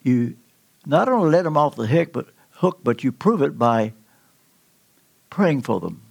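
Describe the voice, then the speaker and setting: An older man preaching a sermon in a church, telling a personal story with earnest, slow, emphatic pauses. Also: medium pitch, very animated, creaky. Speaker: pastor. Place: church sanctuary.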